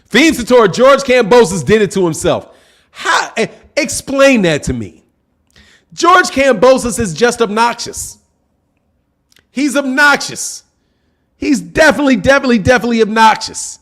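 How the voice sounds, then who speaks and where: This boxing channel host has an extremely high, fairly bright voice. He talks casually to his live chat, slipping into slang and saying things more than once to drive them home during his livestream commentary.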